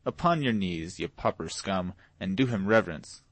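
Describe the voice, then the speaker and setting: A cruel, jeering pauper father from a storybook, loud and coarse as he barks at his family, played by a male narrator. His voice is pushed forward and rough, in a dry close recording. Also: low-pitched, animated, moderate pace, no echo. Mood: bullying. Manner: shouting, coarse, bullying. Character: brutal drunken father, middle-aged man, jeering.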